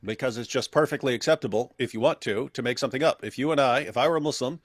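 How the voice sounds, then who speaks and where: A man's voice: medium pitch, fast, no echo. A man co-hosting an opinionated commentary chat, talking animatedly and mocking others in quoted voices. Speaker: co-host.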